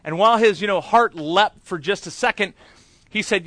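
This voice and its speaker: A man's voice: sits high, moderate pace, fairly bright tone, no echo. A man preaching a sermon, telling a long story in a chatty way with many fillers.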